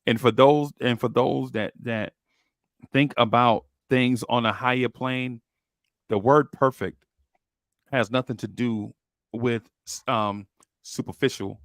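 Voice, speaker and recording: A man's voice: medium pitch, steady tone, takes it slowly, no echo, studio quality. A young man co-hosting a casual podcast chat, rambling and repeating words as he thinks. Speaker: podcast co-host.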